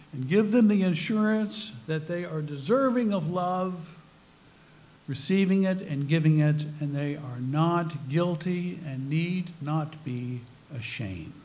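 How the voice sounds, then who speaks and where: A man's voice: on the high side, darkish tone. An older man, a former priest, giving a talk to a spiritual group, telling personal stories with self-mocking humor. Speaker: speaker.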